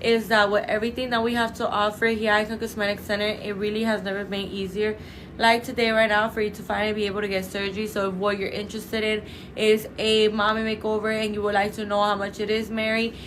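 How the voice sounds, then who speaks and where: A woman presenting a live-streamed product pitch for a clinic, chatty and salesy, addressing viewers as "you guys" and repeating set sales phrases. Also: level tone, fast, fairly bright tone, a little hiss or hum, poor audio. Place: indoors under bright lights.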